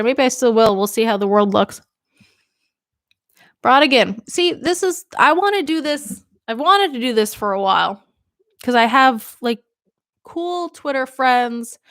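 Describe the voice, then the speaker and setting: A woman's voice: fairly high pitch, animated, a little slow, no echo, clean studio sound. A young woman from Maine, a radio DJ, rambling casually on a livestream while a little tipsy from drinking. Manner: chatty and rambling, laughs often.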